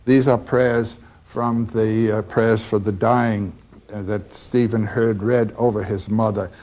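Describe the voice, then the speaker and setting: A man lecturing on a novel, talking slowly and haltingly with many fillers. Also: fairly low pitch, level tone, a little mellow. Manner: slow and halting with frequent fillers. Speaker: literature lecturer.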